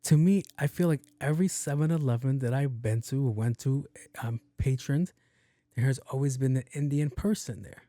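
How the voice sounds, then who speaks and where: Speaking at a normal speed with a dark, medium-pitched voice, a young podcast host spins a rambling, profane story and plays both parts of the conversation himself. It's a casual monologue captured in clean studio sound without any room echo.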